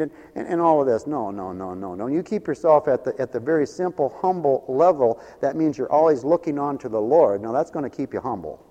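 A man's voice: mid-range voice, lively intonation, fairly quick, few pauses, mellow, long reverb tail, muffled recording. A man preaching a folksy sermon, laughing often between his points.

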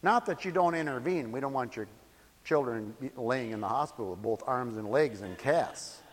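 A man preaching a sermon in a folksy way, moving between soft asides and loud, emphatic points. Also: medium pitch, animated, normal speed, in a large hall. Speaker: pastor.

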